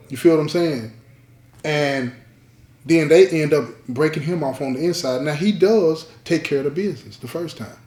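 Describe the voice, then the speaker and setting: A male podcast host tells a story in a loose, conversational way, often repeating a line for weight and asking his listeners if they follow him. His voice sits a little high for a man. The recording has a roomy echo. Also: normal speed, a little mellow. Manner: repeats key lines, checks in with listeners. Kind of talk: casual spoken storytelling.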